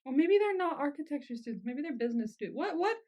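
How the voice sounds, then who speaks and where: A woman co-hosting a podcast, reacting quickly with laughs and the odd curse while recapping a show. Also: high-pitched, sing-song, a little mellow. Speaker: podcast co-host. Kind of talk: casual recap chat.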